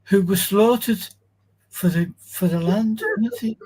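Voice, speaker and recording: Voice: mid-range voice, unhurried, dark tone, husky, low-quality recording. A livestream co-host who speaks in an earnest way and mostly chimes in to agree. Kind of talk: livestream conversation.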